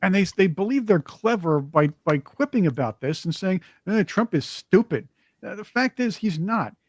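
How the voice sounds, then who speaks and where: A man's voice: high-pitched, very animated, moderate pace. A man co-hosting a casual political commentary talk show, mocking opponents and putting on whiny voices to imitate them. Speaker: podcast co-host.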